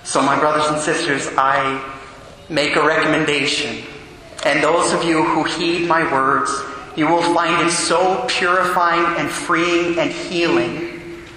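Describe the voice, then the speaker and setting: Priest preaching in an echoing church. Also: male voice, fairly high pitch, fairly even intonation, pushed and bright. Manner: earnest, slow and deliberate at key phrases. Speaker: Catholic priest. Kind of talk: sermon. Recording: echoey church hall, faint noise.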